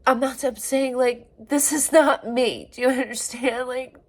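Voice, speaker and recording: A woman's voice: sits high, steady tone. A woman in her forties venting in a personal video diary, raw and emotional, swearing often and breaking off mid-sentence. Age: 40s. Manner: halting, restarts and trailing phrases. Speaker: vlogger.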